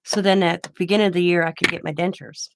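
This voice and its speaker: A woman's voice: fairly low pitch, fairly even intonation, fast, background noise. An older woman hosting a craft channel, telling rambling personal anecdotes in casual chat and laughing often.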